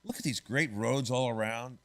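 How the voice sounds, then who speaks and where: A man's voice: mid-range voice, moderate pace, lightly acted. A man voicing a boastful ancient king who muses smugly on his own greatness. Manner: smug, self-admiring musing.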